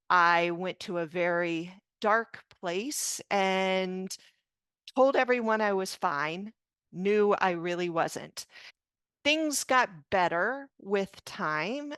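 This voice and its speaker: Woman, fifties, slow and earnest, low pitch, clean dry sound. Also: fairly bright tone, smooth, no echo. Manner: slow, earnest, emotional recounting. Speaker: physician and parent guest. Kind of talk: personal storytelling interview.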